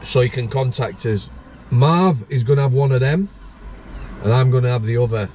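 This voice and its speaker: A man's voice: mid-range voice, normal speed, dark tone, a little hiss or hum. A man, hosting a casual chat show and telling blunt stories from his years as a prison officer, swearing freely. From England. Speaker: podcast host, former prison officer.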